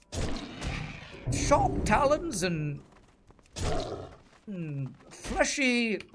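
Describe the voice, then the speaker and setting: A man putting on an impression of an older British nature documentary narrator, with a slow, hushed and hammy delivery. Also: very high-pitched, background noise, voice pushed up, heavily acted. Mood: hushed, awed. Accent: British, put on.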